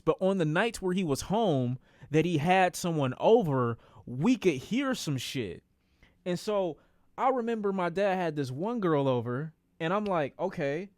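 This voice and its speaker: A young man, a streamer, telling a personal story in a casual, animated way, swearing freely and repeating phrases for emphasis. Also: a little high, dry recording, studio quality.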